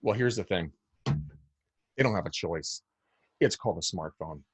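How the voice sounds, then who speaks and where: A man's voice: sits low, expressive, a little slow, slightly rough, no room sound. A man from the United States, a guest on a podcast, talking in a blunt, emphatic and snarky way, often repeating words. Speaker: guest real estate agent. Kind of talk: podcast interview.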